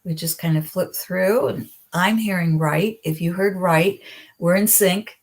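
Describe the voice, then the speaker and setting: A middle-aged woman hosting a psychic advice live stream, talking earnestly and gently and slowing down at heartfelt points. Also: fairly low pitch. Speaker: psychic video host. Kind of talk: reflective live-stream talk.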